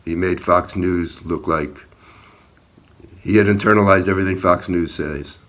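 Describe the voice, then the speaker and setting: A man's voice: sits low, fairly even intonation, measured pace, a bit bright. A man giving an earnest personal account in a video, talking about an encounter outdoors, speaking plainly and sometimes heatedly. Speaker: activist recounting an encounter.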